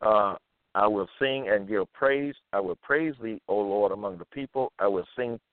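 A man reading scripture verses aloud and commenting on them, slowly repeating phrases with fillers between them. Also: on the low side, no room sound. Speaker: self-styled preacher. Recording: tinny phone-like line.

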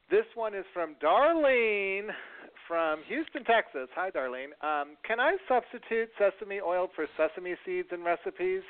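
A man's voice: mid-range voice, smooth. Upbeat male talk show host, tinny sound. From Northeast US. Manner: upbeat, reads out listener questions. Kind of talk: friendly talk show hosting. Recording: tinny phone-like radio sound.

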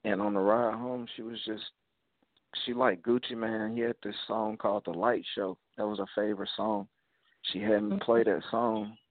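A man from Alabama with an Alabama twang, a rapper guest talking casually in laid-back slang and giving shout-outs. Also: lowish voice, flat delivery, normal speed, dry recording. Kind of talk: casual interview over a call. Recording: tinny phone-like call audio, dry.

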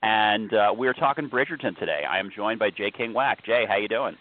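A man's voice: on the low side, fairly quick. A man hosting a casual talk show, chatting loosely and often breaking off mid-sentence. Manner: rambling, self-interrupting. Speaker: host. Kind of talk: casual podcast chat. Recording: tinny phone-line sound.

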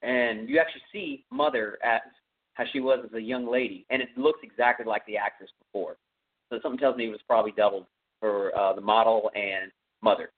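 A man's voice: on the low side, fairly even intonation, brisk. A man with a Texan accent hosting a podcast, casually retelling a horror movie's plot in a rambling way full of fillers. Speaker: podcast host. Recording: tinny phone-like audio.

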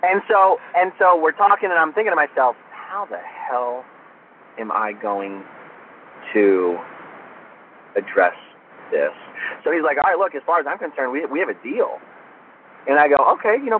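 A man's voice: fairly high pitch, fast. A man from Florida as an interview guest, telling an anecdote casually and acting out the dialogue. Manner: animated anecdote teller, acts out dialogue. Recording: tinny phone line with faint noise.

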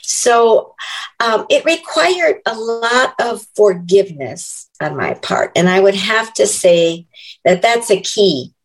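A woman's voice: medium pitch, expressive, low-quality recording. Reflective older woman interview guest. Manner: earnest, reflective, measured. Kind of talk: conversational interview.

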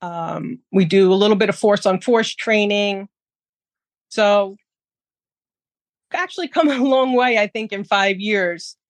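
A woman's voice: medium pitch, unhurried, pauses often, dry recording. A woman guest talking casually about teaching firearms classes, chatty, with frequent fillers. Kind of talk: casual interview.

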